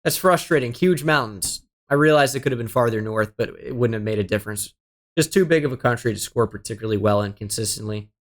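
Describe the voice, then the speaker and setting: A young male gaming streamer, his voice fairly low and his pace quick, gives casual running commentary on a geography guessing game. He mutters his guesses and curses his luck with exasperated, self-deprecating remarks.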